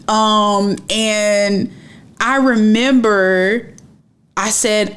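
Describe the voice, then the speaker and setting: Young woman, storytime narrator, animated and emphatic, conversational. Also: medium pitch, unhurried. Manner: animated, emphatic retelling with repeated phrases. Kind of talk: personal storytime.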